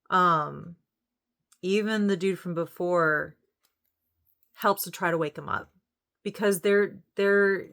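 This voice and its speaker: A woman talks casually through her review of a TV series, her voice sitting somewhat low. She is close to tears and sighs often, and her words come haltingly with frequent restarts. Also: a bit bright. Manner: emotional, halting, many restarts and fillers. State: near tears, sighing.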